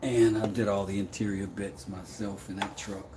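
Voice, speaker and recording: A man's voice: on the low side, little pitch movement, moderate pace, roomy sound, very noisy. A man, chatting casually with viewers on a livestream, reading their comments aloud and often trailing off into mumbles. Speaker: livestream host making mallets.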